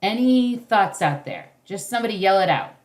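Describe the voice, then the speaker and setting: A woman's voice: mid-range voice, very animated, moderate pace. Woman, parenting-class facilitator; encouraging, loose delivery with fillers, video-call sound.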